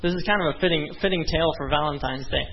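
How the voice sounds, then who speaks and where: A man's voice: on the high side, fast talker, slight background noise. A young man preaching a sermon as a pastor, earnest and conversational, with frequent asides to the congregation. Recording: dull lo-fi sound.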